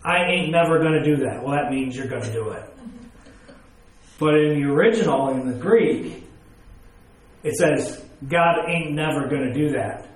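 Male preacher, slightly raised pitch, explaining scripture with homely examples, echoey room. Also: moderate pace. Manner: explains with everyday examples and rhetorical questions. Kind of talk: sermon with scripture reading.

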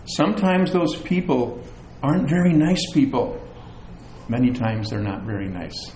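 A middle-aged man preaching a sermon as pastor, animated, with chatty asides and self-deprecating humor. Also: mid-range voice, unhurried, slight background noise. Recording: echoey room with faint ambience.

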